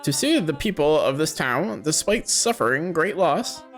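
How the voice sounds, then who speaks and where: Man reads a folksy speechifying businessman, lively swooping delivery, soft game music underneath. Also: a little high, moderate pace, pitched above the performer's own voice. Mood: grandiose. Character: showy small-town businessman giving a festival speech.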